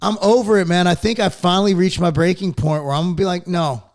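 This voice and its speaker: A man's voice: high voice, fast talker. A man in his forties hosting a podcast, ranting casually with constant swearing. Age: 40s. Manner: profane, animated ranting. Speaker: podcast host.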